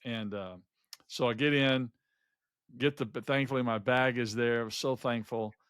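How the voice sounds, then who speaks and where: A middle-aged man recounting a travel mishap on a podcast, stumbling over his words and restarting as he goes. His voice sits at an ordinary middle pitch. The sound is close and dry, with no room echo. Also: normal speed, smooth. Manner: rambling anecdotes with frequent restarts and lively quoted voices. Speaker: podcast co-host. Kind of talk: casual storytelling chat.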